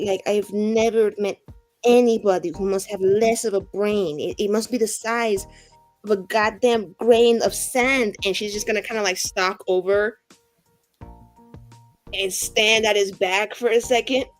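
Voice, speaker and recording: A woman's voice: medium pitch, fairly even intonation, measured pace, soft background music. A woman narrating her character's actions at a tabletop game in a casual, filler-heavy way. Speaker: player.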